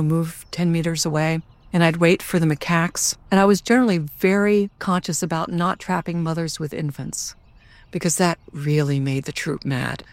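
A woman's voice: sits low, no room sound. A woman scientist telling her story frankly in a documentary interview.

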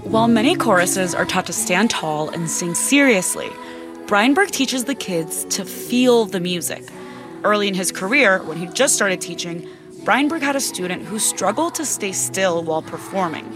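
A woman radio reporter narrating a scripted news feature in a measured, clear way. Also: mid-range voice, expressive. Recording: music bed underneath.

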